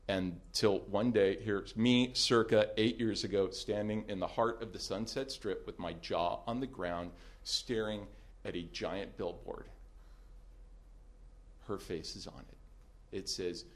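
Wry man telling a story. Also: lowish voice. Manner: animated, wry, swings from hushed to loud. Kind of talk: comic personal storytelling.

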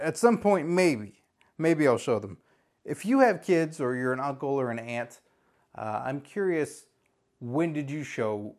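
A man from Southern California in his thirties, hosting a podcast as a casual solo chat, rambling and joking at his own expense. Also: mid-range voice. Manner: rambling, self-mocking, jokey, with animated put-on voices. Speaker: podcast host.

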